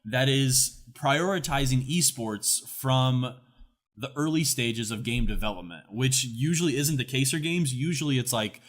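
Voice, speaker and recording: A man's voice: medium pitch, measured pace. A young man co-hosting an esports news recap, talking casually with lots of fillers and restarts. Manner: chatty, many fillers and restarts. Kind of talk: casual chat.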